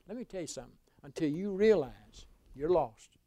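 Folksy preacher, dry close sound. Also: male voice, on the high side, expressive, normal speed, dry recording. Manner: folksy storytelling, swings from hushed to shouting. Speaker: pastor. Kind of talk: sermon testimony.

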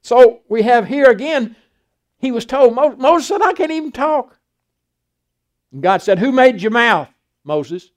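A man's voice: very high-pitched, animated, measured pace, long pauses. An older man, a pastor preaching a folksy sermon and acting out Bible dialogue.

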